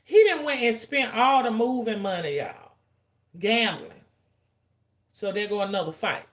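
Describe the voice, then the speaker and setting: A woman in her forties hosting a livestream, venting to her chat in a blunt, profane, rapid-fire way and stretching out the lines she wants to stress. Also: medium pitch, expressive. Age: 40s. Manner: drawn-out emphatic lines. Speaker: livestream host. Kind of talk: casual ranting to chat.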